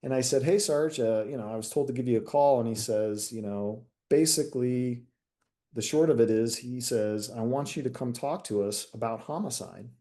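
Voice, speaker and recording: A man's voice: mid-range voice, moderate pace. A retired detective sergeant from the United States, a man, telling a candid story in a casual interview and acting out the dialogue. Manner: candid, animated storyteller who acts out quoted dialogue.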